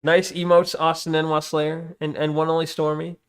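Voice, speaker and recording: A man's voice: on the high side, monotone, moderate pace. Chatty male streamer reading chat. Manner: distracted, reads chat aloud, many restarts and "hold on"s. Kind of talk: casual live-stream chat.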